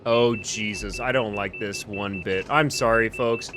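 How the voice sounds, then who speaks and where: A man doing a comedic role-play as an airline pilot in a flight game, panicky and profane, lurching between muttering and shouting. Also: fairly low pitch, steady tone, measured pace, hardly any pauses, a little hiss or hum. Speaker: flight sim streamer.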